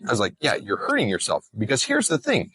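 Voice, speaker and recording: A man's voice: medium pitch, wildly swooping pitch, fast talker, fairly bright tone, breathy edge. A man talking casually outdoors in a vlog, joking and digressing as he explains rules to his viewers. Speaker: trucking compliance host. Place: outdoors in bright sun.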